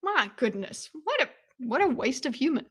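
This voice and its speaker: A woman streamer reacting live to a video, rambling and excitable, breaking into loud yelps to her chat. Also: high-pitched, normal speed, breathy edge. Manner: excitable, rambling, bursts into yelling.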